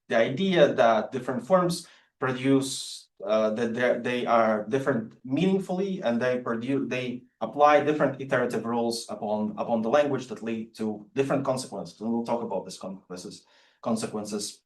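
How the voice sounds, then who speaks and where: A man, a non-native English speaker, giving an academic lecture on poetic forms with many halting fillers and restarts. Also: mid-range voice. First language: Latvian. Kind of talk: public lecture with poetry readings. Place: lecture room. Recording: roomy lecture hall sound.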